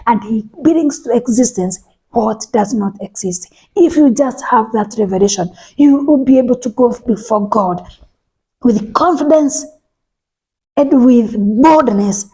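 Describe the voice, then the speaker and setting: A woman preaching a sermon, speaking emphatically, repeating phrases and restarting words, and sometimes dropping to a soft whisper. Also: a little high, animated, measured pace, slightly rough.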